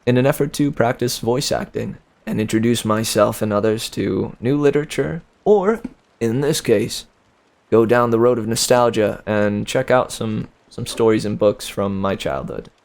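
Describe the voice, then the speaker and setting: Young man, 20s, livestream book reader, slangy rambling chat, gravelly. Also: mid-range voice, normal speed, darkish tone. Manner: rambling, laughs often, slangy. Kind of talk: casual chat with viewers.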